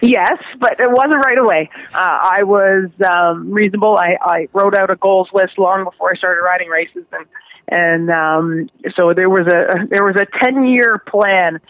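A woman's voice: medium pitch, a little slow, fairly bright tone, dry recording, muffled recording. A woman jockey, a guest on a radio interview, talking casually with many fillers and restarts.

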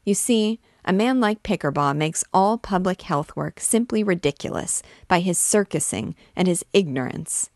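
A woman's voice: on the low side, lively intonation, moderate pace, hardly any pauses, darkish tone, dry recording, studio quality. A woman reading the part of an idealistic, cranky young male doctor from a novel, muttering and exasperated.

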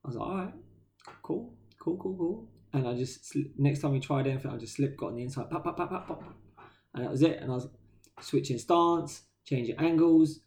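A tired man tells stories on a podcast in slangy casual chat. His voice is dark and gravelly with creaky fry, and he drops into playful impressions of the people he quotes. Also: mid-range voice, fairly even intonation, a little fast. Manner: laid-back storyteller, slangy, acts out quotes. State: tired, yawning. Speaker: podcast co-host.

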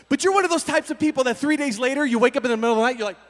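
A man preaching a storytelling sermon to young people, acting out scenes with voices and sudden loud bursts. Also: very high-pitched, rapid-fire, hardly any pauses. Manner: animated, acts out scenes with voices and sudden shouts. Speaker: youth pastor. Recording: reverberant hall.

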